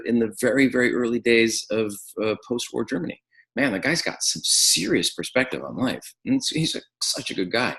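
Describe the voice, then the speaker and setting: A man teaching an acting webinar, animated, with frequent restarts and fillers. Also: on the low side, rough recording. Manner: animated, restarts and stacked fillers, drops to quiet reflection. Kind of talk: webinar lecture.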